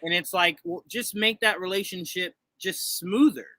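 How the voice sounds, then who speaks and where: Guy in his 30s chatting a show review, super bright voice, acts stuff out, dry close sound. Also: sits high, moderate pace, no echo. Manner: animated, acts out quoted voices. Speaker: podcast co-host. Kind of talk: casual review chat.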